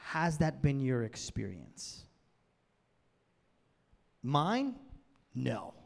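A man's voice: medium pitch, a little mellow. A male pastor giving a sermon, conversational and building to emphatic peaks. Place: church hall with long reverb. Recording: reverberant hall sound.

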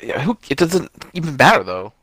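A man's voice: on the high side, big pitch swings, a little fast, a crowd in the background. A man co-hosting a podcast, teasing his friend with short dry remarks. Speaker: podcast co-host. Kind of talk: casual chat.

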